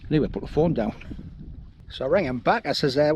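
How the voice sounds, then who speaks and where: A middle-aged man, chatting to camera on a mountain path, self-mocking and a little out of breath, often trailing off quietly. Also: fairly high pitch, expressive, quick pace, highs cut off. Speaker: hiking vlogger. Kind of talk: casual talk to camera. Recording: outdoor wind and ambience noise.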